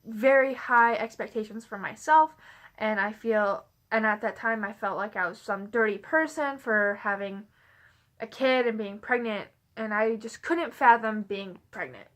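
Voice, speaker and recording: Bright-voiced young woman telling her story. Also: a little high, measured pace. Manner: rambling, frequent "like" fillers. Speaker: vlogger. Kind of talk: casual personal storytelling to camera.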